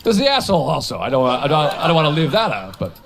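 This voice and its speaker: A man doing a stand-up comedy routine, rambling and self-mocking, with crude jokes and quick voiced asides. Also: on the high side, big pitch swings, creaky, background noise.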